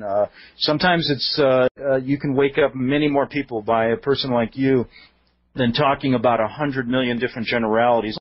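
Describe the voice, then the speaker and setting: A man's voice: mid-range voice, no room sound. Male radio host, mid voice, encouraging questions, dull dry broadcast audio. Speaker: radio talk show host. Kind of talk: radio interview.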